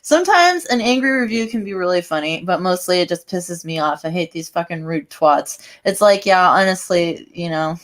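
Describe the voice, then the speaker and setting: A woman with a fairly low voice talks in casual chat as a guest author. She rants with plenty of swearing and breaks into easy laughter. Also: animated, moderate pace, few pauses. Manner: profane, laughing, ranting.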